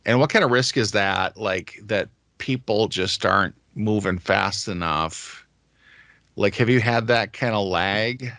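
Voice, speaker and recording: Very low-voiced male podcast host, casual and thinking aloud, dry close sound. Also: measured pace, fairly bright tone, dry recording. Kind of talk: conversational podcast talk.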